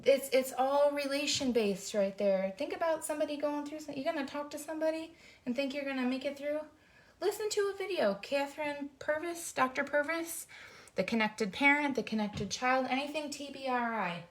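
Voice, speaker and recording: A woman's voice: high-pitched, a little fast. A middle-aged woman speaks with earnest, fired-up emotion, hosting her own faith-based vlog. She urges listeners on in a heartfelt, personal way, as if talking straight to a friend. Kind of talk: heartfelt encouraging talk. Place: indoors, folding t-shirts.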